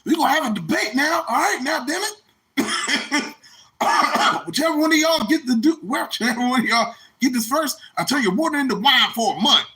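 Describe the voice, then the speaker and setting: A man's voice: very high voice, animated, moderate pace, pitched above the performer's own voice, exaggerated voice. A man playing a brash, joking Jesus who curses and rallies his disciples to debate. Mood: rowdy joking. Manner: rowdy, profane, shouting.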